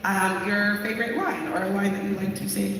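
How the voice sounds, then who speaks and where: High-voiced man moderating a panel. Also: level tone, brisk, bright, forceful tone, a little hiss or hum. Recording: echoey hall, distant mic.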